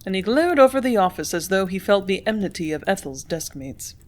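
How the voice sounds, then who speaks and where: A woman narrating a classic novel as an audiobook. Her reading is steady and clear, with a mid-range voice. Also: mid-range voice, fairly quick. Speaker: audiobook reader.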